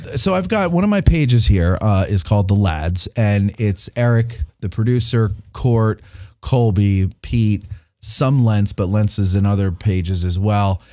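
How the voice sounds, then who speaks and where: A man's voice: on the low side, unhurried, dry recording, studio quality. A man hosting a casual talk show, teasing his guests and joking around. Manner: animated, teasing, plays soundboard clips. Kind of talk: casual studio chat.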